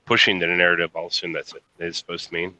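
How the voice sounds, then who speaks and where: Very deep, flat-voiced man reading chat. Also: fast talker, a little hiss or hum, low-quality recording. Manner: hesitant, full of fillers. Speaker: podcast co-host. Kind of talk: reading chat comments aloud.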